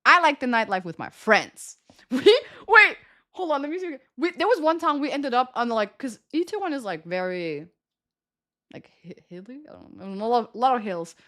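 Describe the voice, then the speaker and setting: A woman's voice: high-pitched, lively intonation, normal speed, a bit bright. A young woman streamer telling a story in casual chat, rambling and laughing often. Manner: rambling, chatty, with frequent laughter and "like" fillers.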